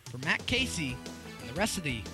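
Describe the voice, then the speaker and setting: A young man doing live play-by-play commentary on a school field hockey game, getting loud and excited on goals. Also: fairly high pitch, fairly quick, over music. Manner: energetic, rises sharply on goals. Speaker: play-by-play announcer.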